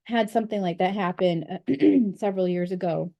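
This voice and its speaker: A woman's voice: medium pitch, lively intonation, moderate pace, creaky, warm tone, highs cut off. A woman leading a book study group over a video call, talking in a chatty, candid way with frequent fillers. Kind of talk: casual group discussion.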